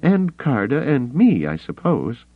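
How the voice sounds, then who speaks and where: A man's voice: medium pitch, huge pitch swings, unhurried, no room sound, voice pushed up. A man voicing a blunt, teasing young woman in an audiobook, with a dry sarcastic manner. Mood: wry teasing. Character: sharp-tongued wry young woman pilot. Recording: tinny phone-like audio.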